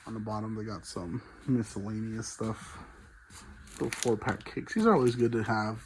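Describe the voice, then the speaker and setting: A man's voice: lowish voice, moderate pace, background noise. A man vlogging casually as he walks through a large store, out of breath and chatting with enthusiasm. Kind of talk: casual walk-through vlog. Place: large fireworks store, indoors.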